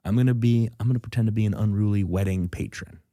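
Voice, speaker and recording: A man's voice: fairly low pitch, quick pace, dark tone, dry recording, clean studio sound. A man from the Midwest hosting a comedy podcast in casual chat, joking and riffing playfully. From American Midwest. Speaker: podcast host.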